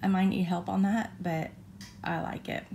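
A woman's voice: fairly low pitch, level tone, normal speed, gravelly, mellow, a little hiss or hum. A woman chatting casually about her cross-stitch, rambling with fillers and correcting herself. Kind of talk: casual show-and-tell chat. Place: condo balcony by the beach.

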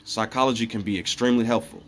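A man in a casual spiritual monologue, rambling and earnest, often dropping to a soft hushed voice. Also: mid-range voice, fairly even intonation, quick pace, a little hiss or hum. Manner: rambling and earnest, with many fillers and restarts. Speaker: vlogger.

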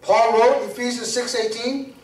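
A man's voice: extremely high pitch, steady tone, normal speed. A man preaching an informal storytelling sermon in a church, talking conversationally and repeating words as he builds to emphatic peaks. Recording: roomy church sound from a distance.

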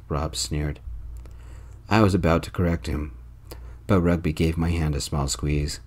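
A calm man narrating a story in a soft-spoken whispered role-play. His voice is very low and gentle, kept hushed and even throughout. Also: moderate pace.

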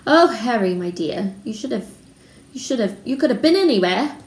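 A woman's voice: on the high side, very animated, moderate pace, creaky, warm tone, pitched above the performer's own voice. A woman reading aloud voicing a fretful, fussing motherly witch who speaks sharply. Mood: frantic. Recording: roomy room, faint background noise.

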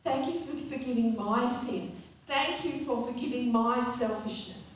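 A woman's voice: a little high, measured pace, slight background noise, lightly acted. A woman voicing an angry, bitter male prophet, with indignant, pleading outbursts. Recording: echoey hall, distant mic.

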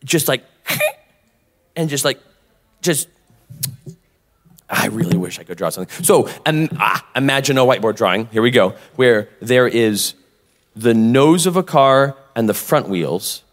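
Animated man telling a story in an echoing hall. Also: mid-range voice, a little slow, long pauses. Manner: animated, acts out both sides of quoted exchanges. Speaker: podcast co-host. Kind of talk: live podcast storytelling. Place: convention stage with long reverb. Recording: live hall reverb.

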